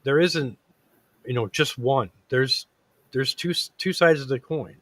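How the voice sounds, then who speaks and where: A man's voice: medium pitch, a little slow, a bit bright, no room sound. A man hosting a casual talk show, earnest and rambling, with lots of fillers and restarts. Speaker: podcast host. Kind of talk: casual chat.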